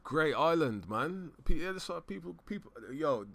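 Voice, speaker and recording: A man hosting a live stream in a casual, laid-back way, reading out viewer messages and giving slang shout-outs. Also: fairly high pitch, lively intonation, moderate pace, creaky. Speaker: stream host.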